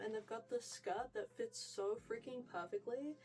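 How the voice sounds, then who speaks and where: A woman's voice: on the high side, moderate pace, hardly any pauses, darkish tone, recorded from a distance, faint music behind, rough recording. A young woman with a New Zealand accent giving a chatty, gushing wardrobe tour, full of "like" and "freaking". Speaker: fashion vlogger.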